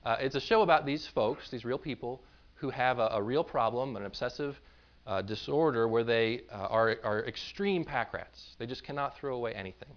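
A man's voice: mid-range voice, moderate pace. Man, pastor preaching, conversational, plays out quoted voices, slightly muffled recording. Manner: conversational preaching, acts out voices of imagined people. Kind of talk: sermon.

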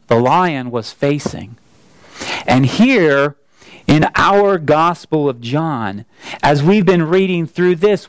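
A man preaching a Sunday sermon who reads a story aloud in an expressive, emphatic way. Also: mid-range voice, no room sound, rough recording. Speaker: pastor.

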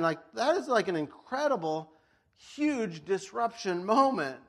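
A man's voice: high voice, animated, normal speed, a bit bright. A male pastor giving a casual, chatty sermon, telling the story with frequent laughs and acted-out voices. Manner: chatty, laughs often, lots of "like".

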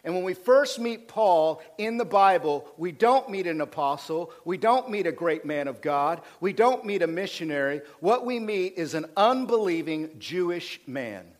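A male pastor preaching a sermon, swinging from loud emphatic passages to quiet asides, fired up. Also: expressive, normal speed, few pauses. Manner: preaching with rising intensity, dropping low for asides.

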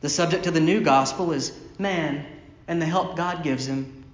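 A male pastor preaching a sermon from the pulpit, pressing points with repeated phrases and dropping low and slow on key lines. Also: echoey room. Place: church sanctuary, from the pulpit.

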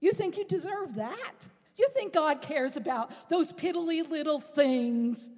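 A woman preaching a sermon in an animated, rhetorical way, at times rising to a shout. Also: high-pitched, measured pace. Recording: long reverb in a large hall.

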